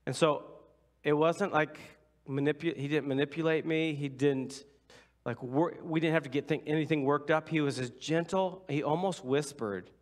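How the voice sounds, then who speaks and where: A man's voice: a little high, steady tone, normal speed. A man preaching as pastor, telling a personal story in a loose, conversational way and acting out the other voices with whispers and asides. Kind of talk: sermon storytelling. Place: church sanctuary.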